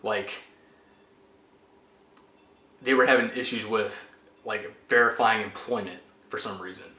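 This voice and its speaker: Young man venting in a personal vlog, bright and fed up, roomy sound. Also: fairly low pitch, steady tone, normal speed. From United States. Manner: exasperated, ranting. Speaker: vlogger. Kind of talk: frustrated personal rant. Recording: echoey room.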